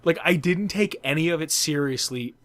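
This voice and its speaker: A man's voice: fairly high pitch, moderate pace, fairly bright tone. A man in his twenties, a podcast host, telling a story in casual chat, swearing and laughing as he goes.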